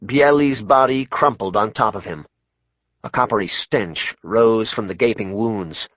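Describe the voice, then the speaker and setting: A man reading an audiobook in a measured, dramatic narration. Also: on the low side, dry recording, highs cut off. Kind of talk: scripted narration.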